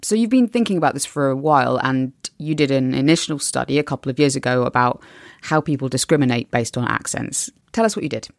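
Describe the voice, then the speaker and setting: A woman's voice: very deep voice, fast talker. A woman interviewer who sums up what the guest said and then prompts her with questions.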